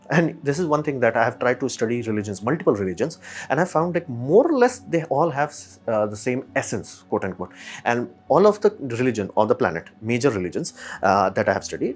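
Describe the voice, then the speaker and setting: A man's voice: mid-range voice, slightly rough. A man hosting a podcast, talking casually and emphatically, with rhetorical questions and mock quotes. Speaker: podcast host. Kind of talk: casual solo commentary.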